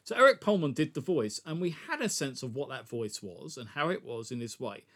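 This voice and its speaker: A man's voice: medium pitch, sing-song, fairly quick, a bit bright. A man co-hosting a casual film discussion, speaking emphatically and pressing his strong opinions.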